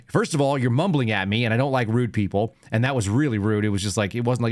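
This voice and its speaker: Male host in his thirties, mid-pitched, ranting casually over a dry close mic. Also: quick pace, no room sound. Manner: ranting, animated storytelling. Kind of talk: casual call-in show chat.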